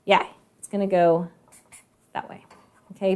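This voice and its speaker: Woman math teacher, chatty and storytelling, asks kids questions, slightly high voice. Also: animated, moderate pace. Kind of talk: live online class.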